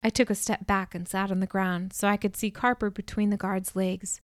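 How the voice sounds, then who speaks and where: A woman's voice: medium pitch, flat delivery, moderate pace, no room sound. Woman narrating, dry close sound. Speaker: audiobook narrator. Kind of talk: first-person audiobook narration.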